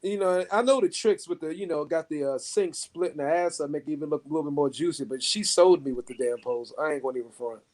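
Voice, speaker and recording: A man co-hosting a podcast, talking in crude, excitable banter, swearing a lot and laughing often. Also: a little high, fast talker, few pauses. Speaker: podcast co-host.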